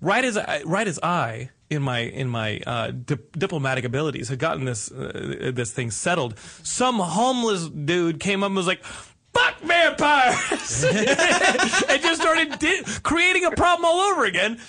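A man hosting a podcast, telling a story with animated put-on voices for the people in it. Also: fairly high pitch, normal speed, few pauses. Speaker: podcast host. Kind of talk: casual storytelling chat.

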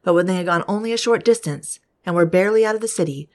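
A woman podcast host reading scripture aloud in a steady, measured way. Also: lowish voice.

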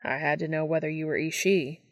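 A woman voicing a gruff, stubborn male monster hunter in a storybook reading. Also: low-pitched, fairly even intonation, brisk. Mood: tense.

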